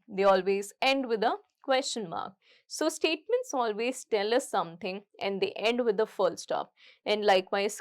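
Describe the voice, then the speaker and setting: A young woman teaching a grammar lesson, explaining each point step by step and repeating it. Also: mid-range voice. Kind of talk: recorded English grammar lesson.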